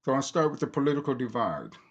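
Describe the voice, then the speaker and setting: A man reading aloud from a book he wrote, deliberate and halting, stopping to correct himself. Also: medium pitch, sing-song, slightly rough, dull audio. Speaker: author reading his own book.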